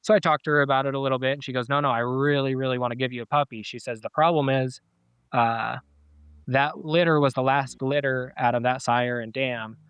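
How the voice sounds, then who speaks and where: Middle-aged man, podcast guest, rambling storyteller with lots of "uh"s and restarts; smooth voice, dry close sound. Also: mid-range voice, steady tone, a little fast, a bit bright, no room sound. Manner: rambling, with many fillers and restarts. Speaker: podcast guest, dog owner. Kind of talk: casual storytelling interview.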